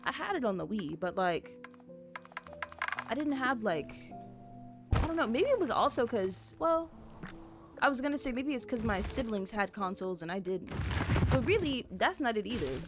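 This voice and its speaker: A woman's voice: on the high side, big pitch swings, moderate pace, long pauses. A young woman streaming a building game, chatting casually with her viewers, rambling with lots of fillers and little giggles. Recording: soft music playing behind. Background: faint background music.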